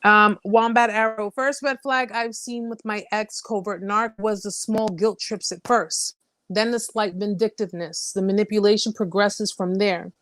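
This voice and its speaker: A woman's voice: mid-range voice, fairly even intonation, normal speed, fairly bright tone, no echo. Candid woman hosting a live chat. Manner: candid, emphatic, repeats phrases for emphasis; reads viewer comments aloud. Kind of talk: casual live-stream chat.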